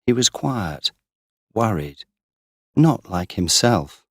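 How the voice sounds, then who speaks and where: A deep-voiced man narrating a storybook for English learners, unhurried and deliberate. His pitch moves expressively through each line. The recording is dry and close. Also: animated, a bit bright, dry recording. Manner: slow, deliberate, clearly paced. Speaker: audiobook narrator.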